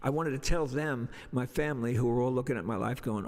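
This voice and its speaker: A man, a singer-songwriter, telling a rambling, animated story on a livestream. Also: medium pitch, a little fast, creaky, few pauses, in a large hall.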